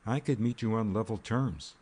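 A man's voice: on the low side, moderate pace, breathy edge, voice pushed up. A man reading an earnest young suitor. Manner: earnest, quiet.

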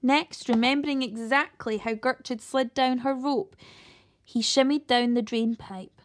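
A woman reading a children's novel aloud, steady, with the odd slip and restart. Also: a little high, unhurried. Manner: steady read-aloud with occasional slips and restarts. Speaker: storyteller reading a children's book.

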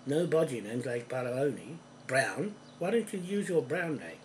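A man giving an angry, profane monologue to camera from a room at home, accusing people directly and growing louder when heated. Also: medium pitch, sing-song, moderate pace, slight background noise, rough recording. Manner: forceful, ramps up in volume when heated. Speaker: video ranter.

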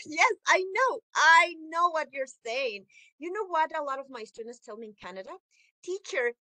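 A woman teaching an online class over a video call, animated, often laughing and acting out her examples. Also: high voice, no room sound, rough recording. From Mexico.

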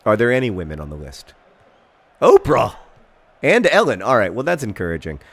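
Man, thirties, casual gameplay commentary, lively swooping pitch, rambling and excitable. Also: normal speed. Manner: excitable, bursts into shouted mock-epic commentary and chants; rambling, self-deprecating asides. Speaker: gaming video host.

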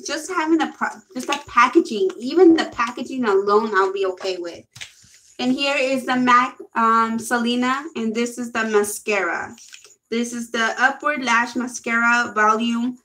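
A woman's voice: fairly high pitch, measured pace, bright, forceful tone, rough recording. Gushing, giggly young woman vlogger. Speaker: beauty vlogger. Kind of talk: casual makeup haul.

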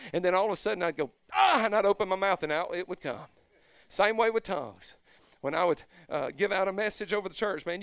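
A man preaching a fervent Pentecostal sermon as pastor, swelling from low, conversational stretches into shouted whoops. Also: gravelly, no echo.

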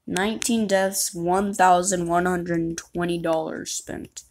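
A woman's voice: on the low side, steady tone, unhurried, hardly any pauses, darkish tone, a little hiss or hum. A woman chatting and rambling as she plays a game, giving commentary and poking fun at herself. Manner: chatty, rambling, self-mocking. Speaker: gamer. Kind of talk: gameplay commentary.

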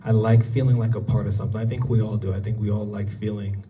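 A man's voice: fairly low pitch, little pitch movement, quick pace, highs cut off, slight background noise. A man giving a casual public talk to an audience, rambling with many fillers and restarts. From Colorado. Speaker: guest speaker. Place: event hall with an audience. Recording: distant, roomy event recording.

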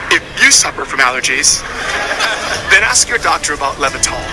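A man's voice: a little high, very animated, fairly quick, music in the background, low-quality recording. An actor playing a rambling male allergy sufferer telling his story in a spoof cartoon drug ad. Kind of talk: spoof ad testimonial.

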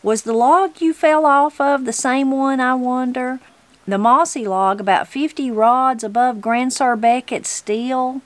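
A woman's voice: sits high, a little slow, no echo, voice pushed up. A woman voicing a spry, hospitable old mountain granny in a storybook reading.

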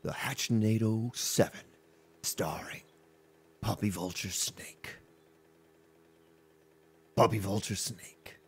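A man imitating a deep-voiced male movie trailer announcer with a gravelly, dramatic delivery. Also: slow pace, long pauses, exaggerated voice.

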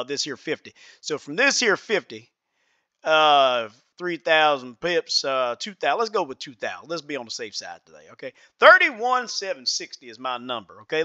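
A man's voice: on the high side, pushed and bright, dry recording, dull audio. A man voicing a folksy, self-assured Southern market trader, with a put-on Southern US accent and a drawling way of talking. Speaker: trading analyst. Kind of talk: chart analysis in character.

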